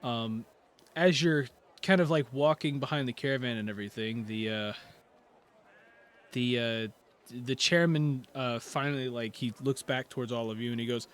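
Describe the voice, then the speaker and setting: A man narrating as game master of a tabletop game, relaxed and full of fillers. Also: mid-range voice, moderate pace.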